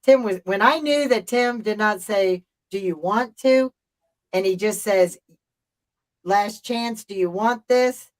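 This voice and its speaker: A middle-aged woman tells a story on a live stream in a casual, rambling way. She swears freely and drives her points home with emphasis. Her voice sits at an ordinary pitch for a woman. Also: slow, rough recording. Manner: emphatic, profane, rambling retelling.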